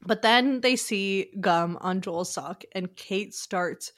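A woman co-hosting a casual podcast, recapping a reality show in an animated, storytelling way and acting out quotes. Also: mid-range voice, slow pace. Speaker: podcast co-host.

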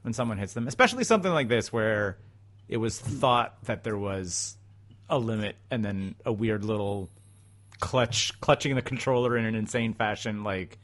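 A man's voice: fairly low pitch, moderate pace, fairly bright tone. A man in his forties co-hosting a podcast in casual chat. He laughs often and acts out what other people said. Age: 40s. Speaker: podcast co-host.

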